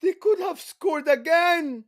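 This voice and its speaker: A man hosting a football watch-along, giving live commentary and yelling with excitement at the big moments. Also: very high-pitched, slow.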